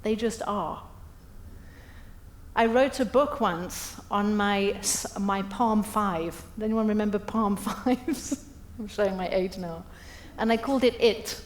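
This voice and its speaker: A middle-aged woman delivers a keynote at a breakfast event, telling funny, self-deprecating stories in a slow, mid-range voice. She's lively and acts out the quotes, and the echoey event hall comes through in the recording.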